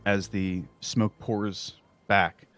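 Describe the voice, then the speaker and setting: A man's voice: on the low side, little pitch movement, extremely slow, a bit bright, soft background music. A man narrating a tabletop game as game master, describing scenes in a casual, rambling way full of likes and uhs.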